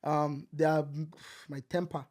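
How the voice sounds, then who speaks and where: A man from Nigeria, in his thirties, co-hosting a podcast in casual chat, animated and acting out quotes. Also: fairly high pitch, a little slow. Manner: animated, acts out quotes, repeats words. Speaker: podcast co-host.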